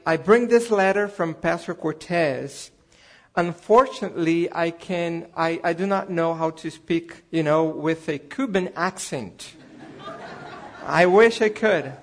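Slow, gentle pastor greeting his church. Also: a little high. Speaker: visiting pastor. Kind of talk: greeting a congregation.

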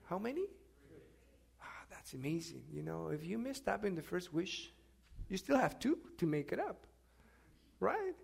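A man preaching a sermon in a strikingly high voice with a gravelly edge. He drops to hushed, thoughtful lines, then climbs into loud, insistent questions aimed at his listeners. The delivery is rhetorical and call-and-response in feel. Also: very animated, a little slow, pauses often. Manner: swings from quiet musing to loud emphatic questioning of the congregation.

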